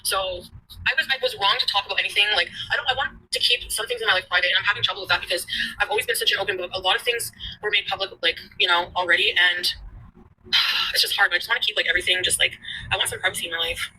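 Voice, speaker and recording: A woman venting on a livestream, profane and ranting, going from angry outbursts to quieter talk. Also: mid-range voice, steady tone, very fast, a little hiss or hum, low-quality recording.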